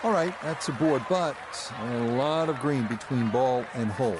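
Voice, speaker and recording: A man voicing a golf play-by-play commentator in a video game, measured and dramatic. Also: mid-range voice, lively intonation, background noise, lightly acted. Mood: calm. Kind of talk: scripted sports commentary. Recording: game audio with music and crowd. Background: music and gallery crowd.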